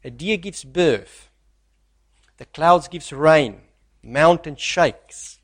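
A man preaching a sermon who reads scripture aloud and swings from loud, stressed lines to soft, near-hushed asides. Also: fairly high pitch, extremely slow.

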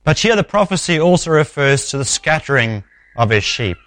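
A man preaching an expository sermon, measured and emphatic, often dropping low at the ends of phrases. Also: big pitch swings, fairly bright tone, no room sound.

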